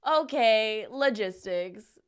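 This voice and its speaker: A woman co-hosting a podcast, chatting about a novel in a relaxed way, adding short replies and jokes. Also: fairly high pitch, takes it slowly, clear, resonant tone. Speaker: podcast co-host. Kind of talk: casual book chat.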